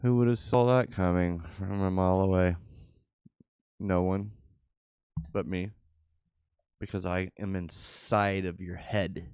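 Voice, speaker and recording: The speaker is a man with a deep, clean, darkish voice and fairly even intonation, talking slowly and pausing often. He hosts a channel and trades crypto live, offering casual commentary and offhand remarks to himself, with no room sound.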